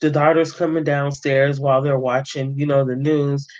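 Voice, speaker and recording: A man's voice: mid-range voice, flat delivery, normal speed, muffled recording, noisy background. A man giving a casual, slangy movie review, rambling and swearing freely with lots of fillers.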